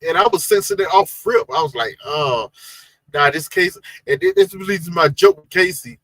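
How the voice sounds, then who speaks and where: A man co-hosting a reality TV recap chat, animated, emphatic and full of slang. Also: high-pitched, brisk, no room sound, low-quality recording. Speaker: co-host of a reality TV recap show. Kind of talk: casual chat.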